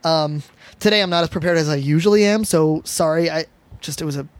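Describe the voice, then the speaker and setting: A man's voice: fairly high pitch, brisk, dry recording. A man hosting a casual podcast and reading out news, laid-back and chatty with many hesitations. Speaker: podcast host presenting news. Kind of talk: casual chat.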